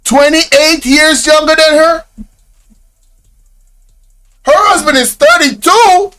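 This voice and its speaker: A man with a fairly high voice reacts to a video, piling up stunned exclamations and laughter. He talks to his viewers in loose slang and draws his words out at an unhurried pace. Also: pushed and bright, faint music behind. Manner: exclaiming, incredulous, often laughing; slang-heavy, addresses viewers directly. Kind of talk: casual reaction commentary.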